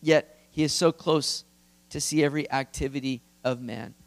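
A man's voice: medium pitch, fairly even intonation, moderate pace, vocal fry. A male pastor giving an expository sermon in a conversational, earnest, emphatic way.

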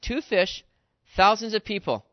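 A man's voice: sits high, lively intonation, a little slow, no room sound. A man preaching a sermon in an earnest, exhorting way, talking straight to his listeners. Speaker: pastor. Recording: dull dry sound.

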